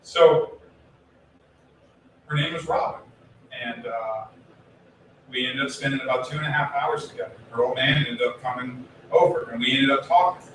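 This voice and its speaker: A man giving a relaxed, conversational Buddhist sermon, telling a story and acting out the people in it. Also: medium pitch, normal speed, long pauses. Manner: chatty, acts out quoted voices, swears casually. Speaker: Buddhist minister. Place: temple hall. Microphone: distant room mic. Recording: very echoey hall, from far off, faint room noise.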